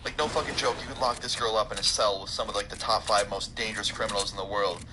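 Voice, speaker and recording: Young male vlogger, rapid profane storytelling, noisy recording. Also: on the low side, steady tone. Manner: profane, rambling, joking. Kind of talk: casual storytelling. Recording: clear background noise.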